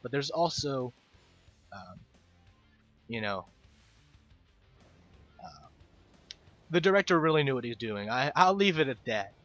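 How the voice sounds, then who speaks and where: Male game commentator, rambling and self-mocking, lively pitch, dull lo-fi mic with game music under it. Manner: rambling, self-deprecating, stumbles over words. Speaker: gaming video host.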